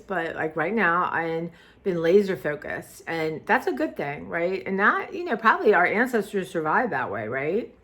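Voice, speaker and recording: A woman chats casually to her camera. Her voice sits a little low for a woman. She rambles, trails off and restarts her thoughts often. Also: fairly bright tone. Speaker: vlogger. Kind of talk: casual chat.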